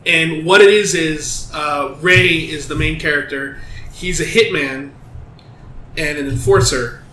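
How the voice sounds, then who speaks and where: Animated man retelling a TV show. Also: fairly high pitch, measured pace, a little hiss or hum. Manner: animated storyteller, swears freely. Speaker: podcast host. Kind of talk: casual podcast chat. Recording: roomy room with faint ambience.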